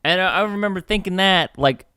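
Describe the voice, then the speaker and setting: A man co-hosting a casual film podcast, excitedly acting out scenes with swooping pitch and casual swearing. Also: brisk, smooth, no echo, clean studio sound. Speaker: podcast co-host. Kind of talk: casual film review chat.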